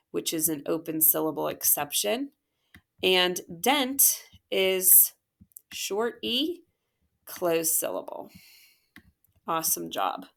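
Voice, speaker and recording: A woman's voice: fairly low pitch, creaky, fairly bright tone. A woman teacher working through a phonics worksheet, patiently sounding out syllables and praising the listener. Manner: patient, encouraging, sounds out words slowly. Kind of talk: phonics lesson walkthrough.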